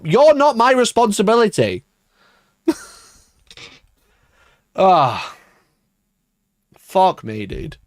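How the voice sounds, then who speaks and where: Hosting a livestream, a man responds to his chat with a mocking, sweary rant, laughing often, his voice shooting high whenever he gets exasperated. The recording is dry and studio quality.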